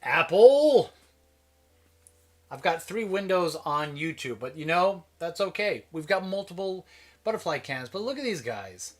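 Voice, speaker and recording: A man's voice: on the high side, expressive, normal speed, fairly bright tone. A man from Minnesota hosting a live stream, chatting casually in a rambling way that keeps breaking off and restarting. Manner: rambling, self-interrupting, chatty.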